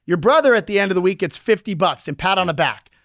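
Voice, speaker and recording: A man's voice: high-pitched, no room sound, studio quality. A man being interviewed as a crypto investor, talking with energy and explaining through everyday analogies. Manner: energetic, explains with homely analogies, acts out quick quoted voices. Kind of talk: casual podcast interview.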